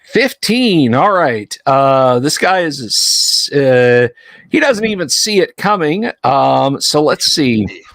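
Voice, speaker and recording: A man's voice: mid-range voice, very animated, slow pace, gravelly, a bit bright. A man running a tabletop game as game master on a livestream, joking with his players as he narrates the fight. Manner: jokey, tosses in metal references.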